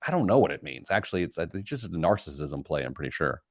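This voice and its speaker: A man's voice: very deep voice, very animated, fast, no echo, clean studio sound. A middle-aged man hosting a radio show, chatting casually in a rambling, self-deprecating way. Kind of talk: casual chat.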